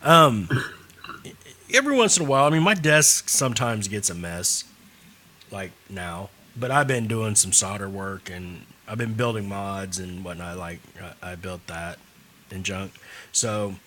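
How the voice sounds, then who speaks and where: A man's voice: on the low side, unhurried. A man with a slight Southern drawl co-hosting a podcast, joking and swearing casually. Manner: animated, jokey, profane. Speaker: podcast co-host. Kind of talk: casual chat.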